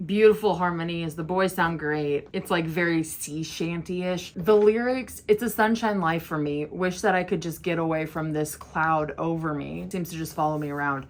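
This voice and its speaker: A woman's voice: low voice, steady tone, normal speed, hardly any pauses. A young woman chatting casually while reacting to an album, giggly and teary. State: tearful. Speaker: music reaction vlogger. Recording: music playing loudly behind. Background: music.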